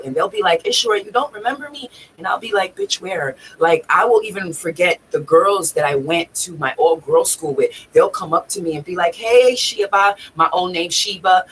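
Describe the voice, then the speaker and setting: A woman's voice: fairly low pitch, slight background noise, low-quality recording. A woman vlogging, telling a personal story in a raw, emotional way, swearing freely and near tears at times. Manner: raw, profane, tearful at times.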